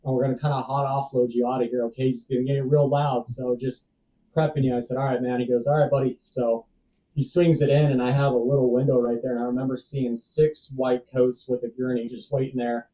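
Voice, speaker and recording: A man's voice: medium pitch, level tone, brisk, mellow, far from the mic, low-quality recording. A man telling a personal story as a podcast guest, laid-back, acting out other people's lines. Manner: laid-back, acts out dialogue, says "dude" and "man" often.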